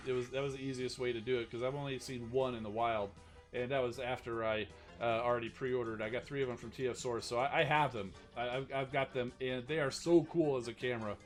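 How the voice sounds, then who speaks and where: A man hosting a live stream, chatting casually about toy news and reading out chat questions, rambling with many restarts. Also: mid-range voice. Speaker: stream host.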